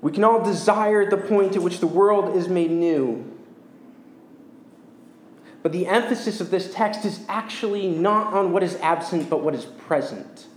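A man preaching a sermon as pastor, earnest and measured, slowing down to stress key words. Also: sits high, slight background noise. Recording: echoey church room.

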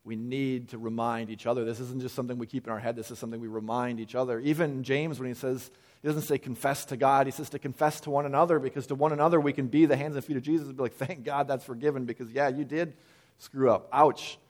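A man's voice: medium pitch, fast talker. A man preaching a casual sermon, talking conversationally and acting out quoted voices with frequent restarts. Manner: conversational, animated quoting with repeated restarts. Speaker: pastor.

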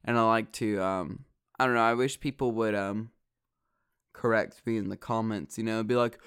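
A man's voice: lowish voice, moderate pace, fairly bright tone, smooth. A young man, rambling casually as a vlogger, swearing often and filling gaps with ums and likes. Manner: swears a lot, rambling with many fillers.

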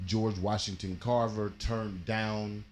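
A man hosting a casual live-stream chat, animated and dramatic, laughing often. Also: on the low side, slow, a little hiss or hum. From Dayton, Ohio family. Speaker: host.

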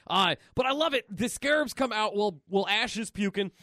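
A man co-hosting a casual comic book podcast, retelling a story in an excited, rambling way with many fillers. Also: high-pitched, brisk, no room sound, clean studio sound. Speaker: podcast co-host.

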